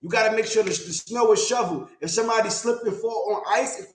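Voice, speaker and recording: Blunt mentor guy on a livestream, keeps repeating himself for emphasis, kinda high voice. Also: fast, roomy sound, a little hiss or hum. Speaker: real estate investor and mentor. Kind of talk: livestream talk.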